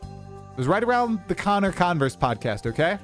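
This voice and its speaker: A young man chatting casually on a livestream, rambling and animated as he talks to his chat. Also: high-pitched, normal speed, faint music behind. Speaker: streamer.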